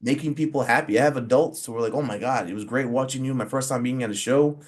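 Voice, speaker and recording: A forty-year-old man chatting as an interview guest, pitched in the middle for a man. He tells stories with lots of "um" and "you know," jumping into quoted lines with animated energy. The delivery is casual and earnest. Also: quick pace. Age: 40s. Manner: animated storyteller who acts out quotes, many fillers. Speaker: pro wrestler and referee guest.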